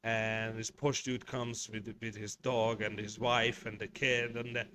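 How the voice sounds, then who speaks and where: A man from Hungary, speaking with a Hungarian accent, runs a craft shop livestream from his workshop in a low-ish, sharp-toned voice with little pitch movement and a slightly slow pace. He chats bluntly and rants, swearing often and restarting his rambling sentences, with a little hiss or hum in the background.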